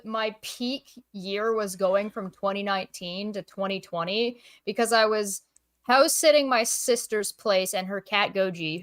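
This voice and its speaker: A woman's voice: mid-range voice, a bit bright, dry recording. A woman co-hosting a casual stream, telling a story with lots of laughter. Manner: giggly, storytelling. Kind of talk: casual chat.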